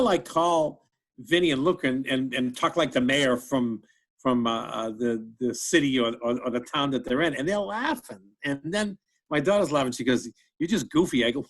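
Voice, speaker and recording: A man's voice: mid-range voice, lively intonation, moderate pace. A middle-aged man, a comedian, chatting casually in an interview, telling funny stories and laughing often, repeating words as he goes. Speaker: comedian guest.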